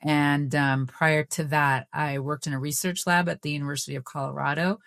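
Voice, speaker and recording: A woman's voice: deep voice, steady tone, moderate pace, vocal fry, a bit bright, no echo, studio quality. A middle-aged woman being interviewed as a guest, introducing herself with a few hesitant fillers. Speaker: guest, practitioner.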